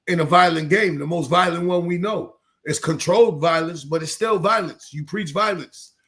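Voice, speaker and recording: A man's voice: a little high, a bit bright. An American man co-hosting a podcast, speaking firmly in a lecturing way. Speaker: podcast co-host. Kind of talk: podcast talk.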